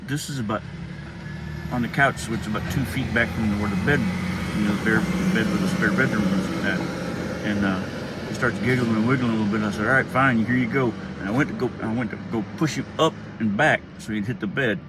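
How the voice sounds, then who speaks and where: A man's voice: on the low side, fairly quick. A middle-aged man, telling a childhood story in a casual, rambling way, often laughing and acting out quotes. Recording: faint background noise.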